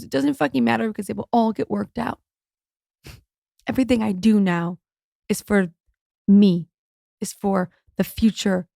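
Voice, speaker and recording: A woman in her thirties speaks in a high voice, thick with vocal fry. She hosts her own podcast and talks in a raw, heartfelt way, swearing casually along the way. The sound is close and dry, with no room around it. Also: darkish tone, no room sound. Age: 30s. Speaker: podcast host. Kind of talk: personal podcast monologue.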